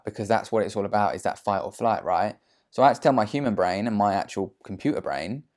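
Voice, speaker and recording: A man's voice: fairly low pitch, a little fast, darkish tone. A man giving a casual motivational talk to camera from his sofa at home, chatty and blunt, with slang and frequent fillers. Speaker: trader vlogger.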